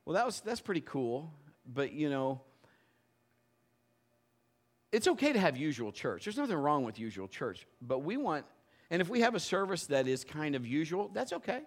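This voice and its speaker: A male pastor preaching a sermon in a conversational storytelling way, building to loud emphatic bursts. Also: fairly high pitch, sing-song, brisk, few pauses.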